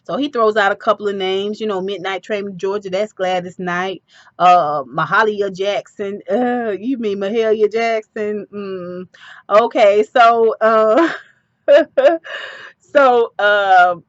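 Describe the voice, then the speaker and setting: A woman giving a casual, animated recap of a TV episode with personal asides. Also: medium pitch, slow, no echo, muffled recording.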